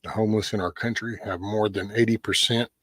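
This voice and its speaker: A man's voice: lowish voice, fairly even intonation, fairly quick, a bit bright, no echo. A man hosting a casual livestream, ranting bluntly with lots of swearing and answering viewers' chat by name. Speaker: livestream host.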